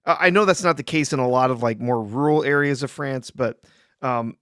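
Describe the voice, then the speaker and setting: A man in casual podcast chat who laughs often and talks haltingly, correcting himself. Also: medium pitch, fairly bright tone, smooth, dry recording, clean studio sound. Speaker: co-host.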